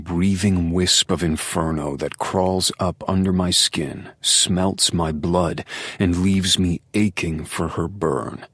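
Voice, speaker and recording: A man narrating a romance novel in the first person, with measured, low-key storytelling. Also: a bit bright, dry recording, clean studio sound. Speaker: audiobook narrator.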